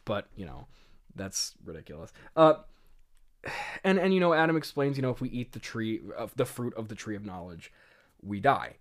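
A man's voice: lowish voice, very animated, normal speed. A man in casual commentary, laughing often and self-mocking as he talks through his old script. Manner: giggly, frequent laughter and filler words. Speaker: writer reviewing his own old script.

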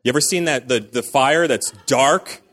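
A man's voice: mid-range voice, normal speed, a bit bright. A man, likely a pastor, giving a casual, conversational sermon in a church, full of fillers and acted-out quotes.

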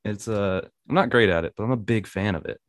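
A man's voice: lowish voice, quick pace, no room sound. A man talking as a podcast guest in casual chat, laid-back and wry.

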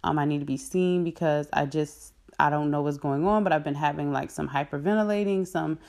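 A woman with a notably low, deep speaking voice tells a personal faith testimony straight to her viewers. She talks casually and earnestly, filling pauses with "um" and "like" and laughing in the middle of sentences. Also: creaky. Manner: earnest and animated, with frequent "um" and "like" and laughs mid-sentence.

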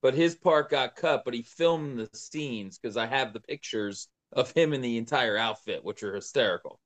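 An easygoing man chatting with a co-host in a loose, casual way. He tells his side with a joking, relaxed manner and an average pitch. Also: moderate pace. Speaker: radio show host, co-host. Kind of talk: casual chat.

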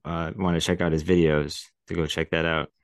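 Very deep, laid-back man, dry sound. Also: level tone, fairly quick, dry recording. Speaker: podcast co-host. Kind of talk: casual chat.

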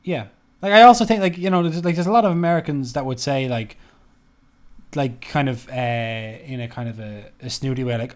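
A man's voice: mid-range voice, fast. A man with a mid-range voice co-hosts a casual podcast. His talk is laid-back and loose, winding through thoughts with frequent fillers. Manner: laid-back, rambling, heavy use of "like". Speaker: podcast co-host. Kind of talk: casual chat.

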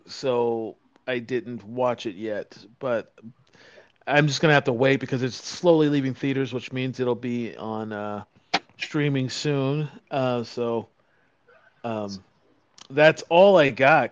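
A man co-hosts a podcast at a very slow, halting pace, pausing often and filling gaps as he talks in casual chat. His voice is smooth, and the recording is dry and slightly dull. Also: mid-range voice, no room sound. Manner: halting, hesitant, with many fillers and pauses. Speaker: podcast co-host. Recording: dull, dry home-mic sound.

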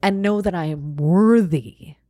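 Guest, woman from Long Island, low and dry close voice, calm and reflective. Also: measured pace, dry recording. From Long Island, New York. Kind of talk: reflective casual conversation.

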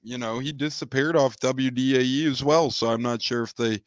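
A man with a mid-range voice talks through a casual sports podcast in an upbeat, measured way, building on what his co-host says. He is close on the mic, with a dry, roomless sound. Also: mid-range voice, steady tone, no room sound.

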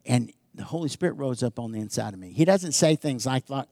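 A man preaching a sermon as pastor, swinging from loud emphatic calls to hushed, slow, intimate talk and asking his congregation "amen?". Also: mid-range voice, expressive, no room sound, studio quality.

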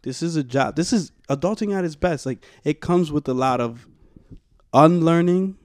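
A man's voice: on the high side, normal speed, no echo, clean studio sound. A man in casual chat, talking reflectively and rambling with many restarts.

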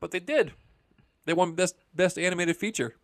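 A man's voice: high-pitched, normal speed, no room sound, clean studio sound. A man hosting a podcast, chatting casually and joking as he wraps up the show. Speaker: podcast host.

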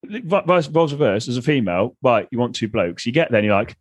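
A man's voice: mid-range voice, sing-song, brisk, husky, dry recording. A man hosting a podcast in casual conversation, blunt and swearing freely. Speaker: podcast host.

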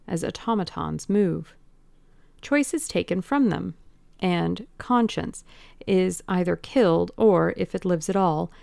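A woman reading a classic novel aloud as an audiobook narrator, in a slow, deliberate, brooding manner. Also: on the low side, creaky, mellow, dry recording.

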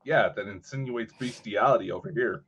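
A man's voice: fairly low pitch, brisk, a bit bright, husky. A man co-hosting a podcast, reacting with incredulous, exasperated remarks in casual chat. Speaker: podcast co-host.

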